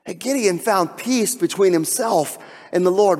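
A man's voice: high-pitched, measured pace, a little mellow, big-room sound. A male pastor preaching a sermon, acting out the voices in the scripture story as he talks. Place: church sanctuary.

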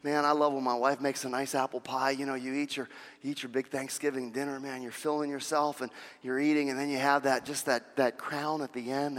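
A male pastor preaching a sermon, swinging between loud, urgent passages and quiet, intimate asides. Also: fairly high pitch, steady tone, a little fast, long reverb tail.

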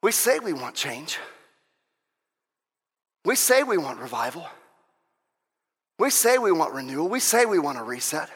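A man preaching a sermon with impassioned delivery, swinging between shouted exhortations and quieter teaching and firing off repeated rhetorical questions. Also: fairly high pitch, very animated, a little slow, long pauses, husky. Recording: long hall reverb.

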